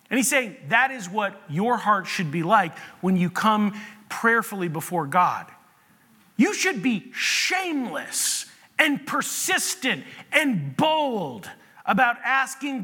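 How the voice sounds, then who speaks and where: A man preaching a sermon as pastor, telling stories in an animated way and often restarting his sentences. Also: extremely high pitch. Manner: animated storytelling with repeated restarts. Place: church sanctuary. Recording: long reverb of a large hall.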